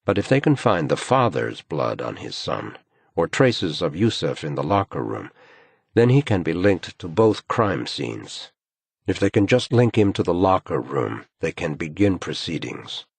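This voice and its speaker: A man reading a crime thriller audiobook in measured, grave scripted narration. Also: low voice, very animated, creaky, breathy edge, dry recording.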